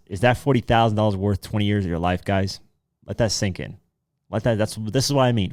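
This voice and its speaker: A man's voice: low voice, fairly even intonation, fast, no room sound, studio quality. A man hosting a podcast, reading news items aloud and then riffing on them in a loose, casual commentary style with offhand asides and swearing. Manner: reads headlines then riffs with loose asides. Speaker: podcast host.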